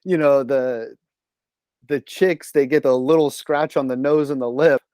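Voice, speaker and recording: A man's voice: mid-range voice, a little slow, darkish tone, dry recording, studio quality. A man on a casual movie review podcast, joking and chuckling mid-sentence.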